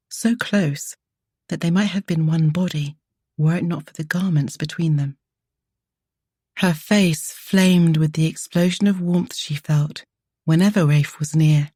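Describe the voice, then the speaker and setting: A woman narrating a romance audiobook with an intimate reading that often drops to a breathy near-whisper. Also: low voice, warm tone, no echo, studio quality.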